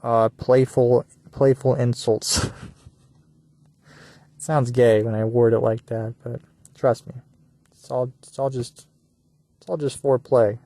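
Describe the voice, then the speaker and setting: Young man rambling in a mellow voice. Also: mid-range voice, level tone, takes it slowly, long pauses, no room sound. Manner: meandering, mumbles and trails off, crude asides. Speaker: podcaster. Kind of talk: rambling solo monologue. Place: at work during a shift.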